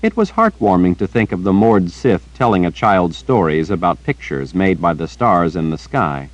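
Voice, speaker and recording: A man narrating a fantasy audiobook in a steady storytelling manner. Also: sits low, moderate pace, low-quality recording. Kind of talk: scripted narration.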